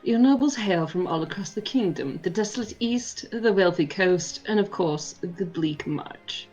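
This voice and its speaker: A woman's voice: medium pitch, expressive, unhurried, darkish tone, lo-fi sound, faint music behind. Giggly woman streamer reading game text. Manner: playful, giggly.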